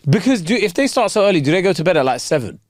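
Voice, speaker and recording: A man co-hosts a podcast from a studio, teasing and laughing through loose banter. His voice sits a little high and moves around a lot. The recording is dry and close. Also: big pitch swings, very fast, no room sound. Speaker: podcast co-host. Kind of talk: casual chat.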